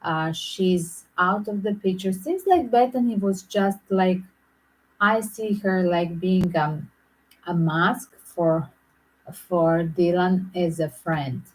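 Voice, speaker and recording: Slow, husky-voiced woman musing aloud. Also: on the low side, low-quality recording. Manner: halting, repeats and restarts phrases. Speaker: channel host. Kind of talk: speculative true-crime commentary.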